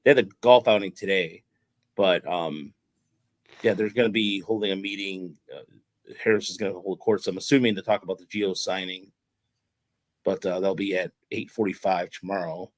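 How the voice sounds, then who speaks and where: A man's voice: sits low, fairly even intonation, normal speed, dry recording, poor audio. A man hosting a sports podcast, talking casually and ranting with exasperation and lots of restarts. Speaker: podcast host.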